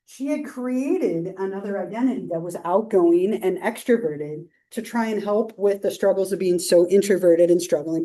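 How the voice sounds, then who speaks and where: Woman instructor, mellow voice, lively storytelling, roomy distant classroom sound. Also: medium pitch. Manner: animated storytelling with many fillers. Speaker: psychology instructor. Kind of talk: casual classroom lecture. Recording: roomy classroom mic from far off.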